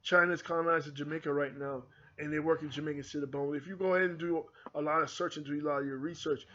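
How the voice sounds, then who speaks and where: A man's voice: fairly high pitch, steady tone, quick pace, bright, forceful tone. Fervent American-accented man, muffled lo-fi audio. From United Kingdom. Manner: fervent, repetitive, addresses viewers directly. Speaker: channel host. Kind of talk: impassioned monologue to camera. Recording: dull lo-fi recording.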